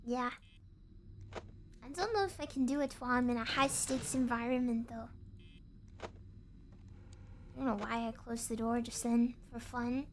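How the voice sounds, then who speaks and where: A woman's voice: a little high, steady tone, unhurried, long pauses, a little hiss or hum. A woman streaming a game, chatting in a playful, goofy way and bantering with her chat. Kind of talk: casual gaming stream chat.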